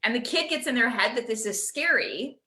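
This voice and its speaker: Woman, interview guest coach; high, bright voice; animated storyteller. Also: normal speed. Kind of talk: conversational interview.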